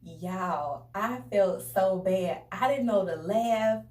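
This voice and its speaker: A young woman telling a casual storytime to her viewers in a chatty, animated way, often calling them y'all. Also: medium pitch, slow pace. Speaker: vlogger. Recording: roomy echo, a bit distant from the mic.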